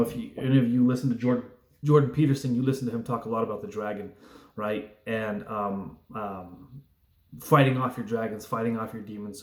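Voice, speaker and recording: A man's voice: medium pitch, darkish tone, reverberant. A man talking casually to camera, telling a story in a rambling, reflective way right after a workout. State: just worked out, sweaty. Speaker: vlogger.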